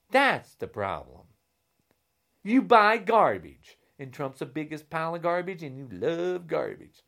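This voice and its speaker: A man delivering a heated, insulting rant straight to camera, swinging between shouting and a low, menacing growl. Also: sing-song, measured pace, vocal fry. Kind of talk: angry political rant to camera.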